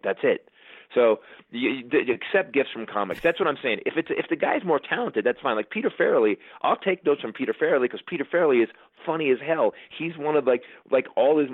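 A man's voice: on the low side, dry recording, phone-quality sound. A man in a casual interview, telling stories and acting out the voices of the people in them. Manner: animated storyteller, acts out quotes. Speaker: guest comedian.

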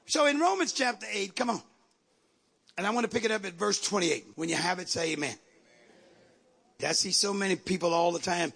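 A man preaching a sermon in a church, calling out to the congregation and rising to shouts. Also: high-pitched, brisk, gravelly, slightly rough. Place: church sanctuary.

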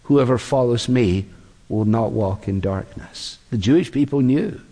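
A man preaching a sermon in a measured, deliberate way, acting out the quotes he reads. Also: sits high, a little mellow. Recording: long reverb of a large hall.

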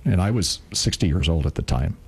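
A man in his sixties co-hosting a radio show, telling a heartfelt personal story in an earnest, emotional way, slowing down on key words. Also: low-pitched, expressive, darkish tone, husky.

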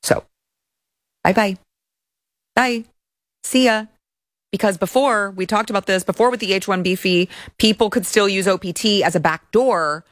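A woman's voice: mid-range voice, moderate pace, long pauses, no room sound. A woman hosting an opinionated commentary show, speaking in a sarcastic and scornful way.

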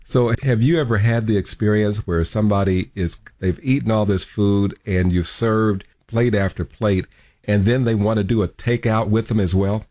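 A man's voice: on the low side, steady tone, moderate pace, dark tone, no echo. A man hosting a radio show, interviewing a guest with chatty broadcast-style questions.

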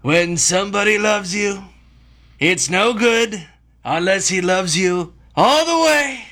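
A man putting on the voice of a brash, boastful male politician, crooning slowly in a sing-song way into a studio mic. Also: sits high, animated, sharp tone, pitched above the performer's own voice.

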